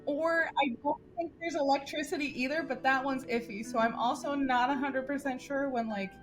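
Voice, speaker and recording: A woman narrating a tabletop game as game master, describing the action in a lively way. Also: high-pitched, normal speed, music in the background.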